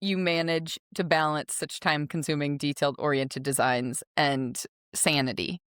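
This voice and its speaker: A woman's voice: sits low, steady tone, moderate pace, fairly bright tone, smooth, dry recording, clean studio sound. A woman hosting a podcast, talking in a chatty, rambling way and laughing easily. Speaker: podcast host. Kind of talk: casual interview chat.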